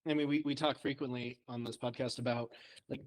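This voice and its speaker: A man's voice: mid-range voice, steady tone, fairly quick, poor audio. A man co-hosting a podcast, reflecting in casual chat on his own workout habits. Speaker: podcast co-host.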